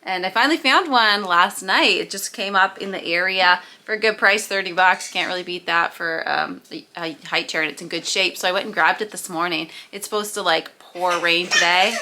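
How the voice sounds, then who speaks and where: A young woman from Canada in a casual home vlog. Her voice is on the low side but bright, and she chats in a relaxed way with frequent fillers. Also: moderate pace, few pauses. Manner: chatty, filler-heavy talk. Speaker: vlogger.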